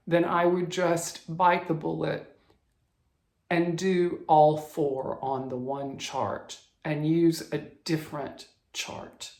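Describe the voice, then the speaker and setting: A man with a fairly high, gravelly voice and a Southern US accent chats casually about his cross-stitch projects, show-and-tell style. He's halting, often stopping, restarting, and correcting himself, and the recording has a roomy echo.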